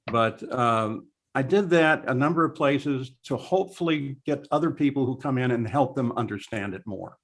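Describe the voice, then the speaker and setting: A man's voice: medium pitch, normal speed. Older male guest, veteran broadcaster, spins anecdotes over a video call. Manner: storytelling, animated anecdotes.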